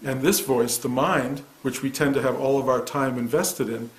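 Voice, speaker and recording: Soft-spoken man in his sixties, echoey room. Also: moderate pace. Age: 60s. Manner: soft-spoken and reflective, often dropping his voice low. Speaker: meditation teacher. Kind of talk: spiritual talk answering a student.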